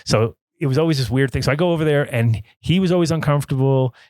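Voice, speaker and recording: A man's voice: a little high, fast, a little mellow, dry recording. Rambling, profane male podcast guest. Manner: rambling, profane, acts out other people's lines. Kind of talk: casual storytelling.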